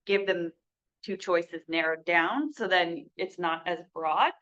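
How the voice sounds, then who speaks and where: A woman's voice: lowish voice, takes it slowly, fairly bright tone. A woman leading a sales training class in a small room. She talks casually and acts out sample sales lines for her listeners. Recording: dull lo-fi recording.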